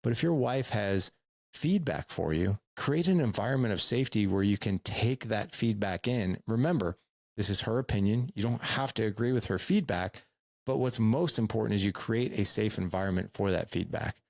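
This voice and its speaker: A man's voice: on the low side, animated, moderate pace, creaky, no room sound. A middle-aged man hosting a podcast, telling a personal story in an earnest, candid way, often repeating words for emphasis. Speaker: podcast host.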